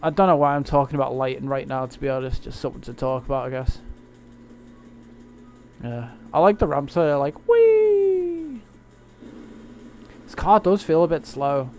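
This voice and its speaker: A man's voice: mid-range voice, a little fast, darkish tone, slight background noise. A man chatting casually to viewers while he streams a racing game at home at night, rambling and joking as he plays. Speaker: gamer streaming gameplay. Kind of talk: casual live-stream commentary.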